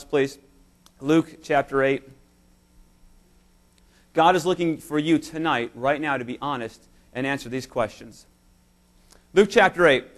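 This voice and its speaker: A man with a notably high voice delivers a church sermon. He preaches emphatically and illustrates his points with stories told straight to the congregation. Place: church service.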